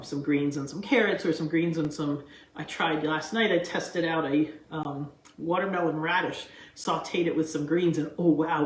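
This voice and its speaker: A woman hosting her own cooking show, chatting excitedly and wandering off on tangents, recorded in a kitchen. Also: sits low. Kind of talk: casual cooking vlog chat. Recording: echoey kitchen room sound.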